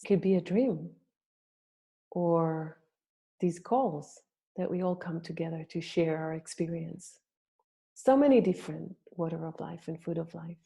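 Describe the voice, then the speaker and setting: Slow, gravelly woman storyteller. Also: fairly low pitch. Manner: gentle, reflective, slow-paced. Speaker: birth story practitioner. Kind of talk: storytelling talk.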